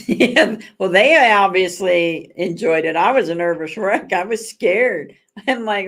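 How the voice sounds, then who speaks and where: A woman's voice: medium pitch, animated, slow. A woman hosting a casual livestream chat with viewers, telling stories in a rambling, self-correcting way with dramatic emphasis. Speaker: livestream host.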